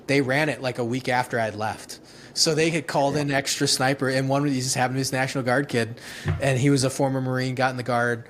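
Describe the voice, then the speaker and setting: A man's voice: mid-range voice, steady tone, quick pace, a bit bright, slight background noise. Profane ex-Marine man telling war stories. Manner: rambling, profane, laughing retelling with many restarts. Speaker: guest, former Marine infantryman. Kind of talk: casual storytelling interview.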